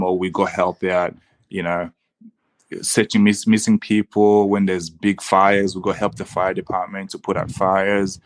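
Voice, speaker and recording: A young man, a podcast guest talking casually and earnestly, with many restarts. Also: low voice. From Congo. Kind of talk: casual conversation.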